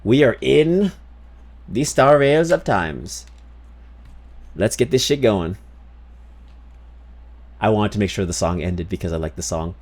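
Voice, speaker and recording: A male streamer with a lowish voice that swings up and down a lot as he talks. He rambles, swears freely and restarts his sentences as he chats with viewers over his game. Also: animated, measured pace, long pauses, darkish tone. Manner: rambling, profane, lots of restarts. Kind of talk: casual game-stream chat.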